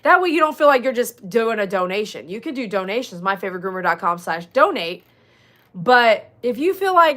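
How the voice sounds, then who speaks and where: In an expressive, fairly bright mid-range voice at a moderate pace, a middle-aged woman from Texas chats casually with her livestream viewers. She grooms dogs, reads the chat out loud, and jokes and laughs as she goes.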